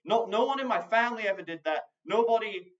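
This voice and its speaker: A man muses gloomily into his own video diary, stopping and restarting as he hunts for words. His voice sits a touch high. The audio is dull and lo-fi. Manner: hesitant, halting, many restarts; glum, brooding. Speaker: video diarist. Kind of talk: personal video diary monologue.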